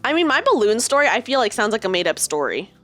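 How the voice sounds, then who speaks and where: A woman's voice: on the high side, fast talker, soft background music. A woman from the United States hosting a stream, reading stories aloud and chatting with a lot of laughter. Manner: laughs often, animated storytelling. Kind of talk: casual chat and reading aloud.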